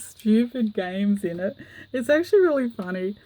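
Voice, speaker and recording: Showing off a handmade journal on camera, this woman keeps things casual, giggly and chatty, full of fillers. Her medium-pitched voice is animated and mellow at a measured pace, though the recording quality is rough.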